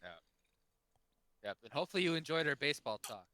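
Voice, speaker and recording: A man guesting on a podcast in casual chat, eagerly chiming in with quick agreement. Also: a little high, lively intonation, pushed and bright, no room sound.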